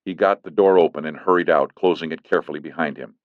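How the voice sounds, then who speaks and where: A man narrating an audiobook in a steady, even reading. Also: very deep voice, fast talker, no echo. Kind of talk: scripted narration. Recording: dull lo-fi, dry studio.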